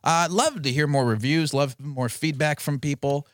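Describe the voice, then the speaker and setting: A man's voice: fairly high pitch, normal speed, no room sound, clean studio sound. A man co-hosting a podcast in casual chat, enthusiastic and chatty, often laughing. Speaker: podcast co-host.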